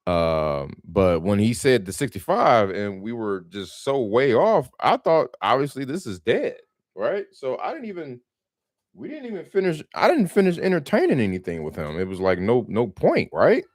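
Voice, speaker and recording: A man hosting a casual live stream about real estate wholesaling, telling stories in an animated, slangy way and laughing often. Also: medium pitch, normal speed, no echo, clean studio sound.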